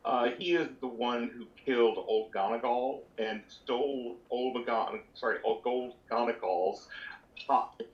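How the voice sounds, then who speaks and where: A man speaking in character at a tabletop game, earnest and halting, with frequent ums. His voice is mid-pitched and comes through a dull, lo-fi feed. A roomy echo hangs around every word. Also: fairly even intonation. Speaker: tabletop player. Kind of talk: in-character role-play chat. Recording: roomy, dull lo-fi stream audio.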